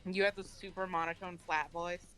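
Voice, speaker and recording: A woman chatting with friends during a game playthrough, dropping quick quips. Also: on the low side, fairly even intonation, fairly bright tone. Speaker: player. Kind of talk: casual chat.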